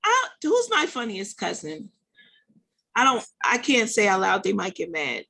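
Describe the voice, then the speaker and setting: A woman's voice: mid-range voice, huge pitch swings, a little slow, vocal fry, bright, forceful tone. A woman from the northern United States hosting a show, bantering playfully and laughing often. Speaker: show host. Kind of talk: casual chat.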